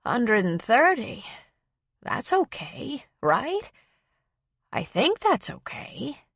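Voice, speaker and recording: A woman narrator voicing a frail, forgetful elderly woman who speaks slowly and softly, with a wavering, apologetic manner. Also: a little high, sing-song, breathy edge, no echo, clean studio sound, voice pushed up, heavily acted. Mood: uncertain. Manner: slow, soft, wavering speech.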